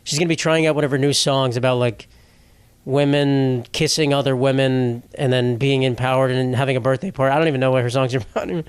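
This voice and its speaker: A man's voice: mid-range voice, fairly even intonation, fairly quick, clear, resonant tone, dry recording. A young man hosting a solo comedy podcast, rambling and swearing as he mocks himself. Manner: profane, rambling, self-mocking. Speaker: podcast host.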